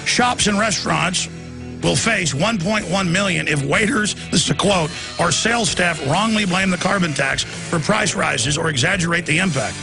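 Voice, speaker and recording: A man's voice: sits high, moderate pace, gravelly, music in the background. A man hosting a talk show, ranting in emphatic, sarcastic political commentary with frequent restarts.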